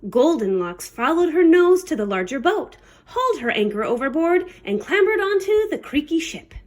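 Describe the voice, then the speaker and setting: A woman's voice: high-pitched, very animated, normal speed. A woman librarian reading a children's picture book aloud, with playful pirate talk. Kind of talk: storybook read-aloud.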